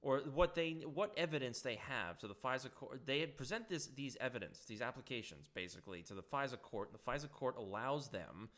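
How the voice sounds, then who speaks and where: A man's voice: medium pitch, a bit bright. A man giving ranting political commentary, indignant and sarcastic, often stumbling over his words.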